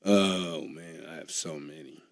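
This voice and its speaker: Low gravelly man telling stories. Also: unhurried, no echo, studio quality. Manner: animated, acts out quoted voices. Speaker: interview guest. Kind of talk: anecdotal storytelling.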